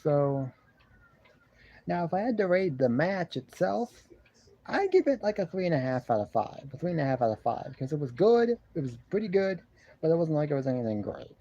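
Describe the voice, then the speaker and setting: Rambling congested man with a mellow voice. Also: fairly high pitch, sing-song, normal speed, dull audio. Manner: rambling, repeats his own phrases. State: congested, keeps clearing his throat. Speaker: wrestling show reviewer. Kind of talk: casual review commentary. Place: living room at home, seated on a love seat. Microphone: camera in front of him.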